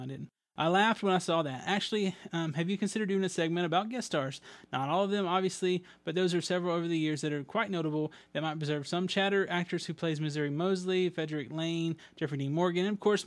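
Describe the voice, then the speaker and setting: A man's voice: on the high side, no echo. A man hosting a podcast in a casual, rambling way with many ums and restarts, reading out listener mail. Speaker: podcast host.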